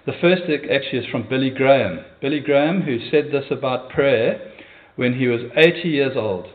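A man's voice: medium pitch, normal speed, phone-quality sound. A man preaching a sermon in a church as pastor, in an earnest, conversational manner with hesitations.

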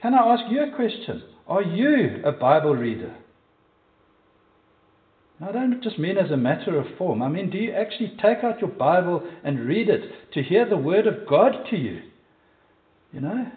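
A man's voice: high-pitched, big pitch swings, normal speed. A man with a South African accent preaching a sermon, emphatic and putting direct questions to the congregation. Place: church. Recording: echoey, distant, phone-like sound.

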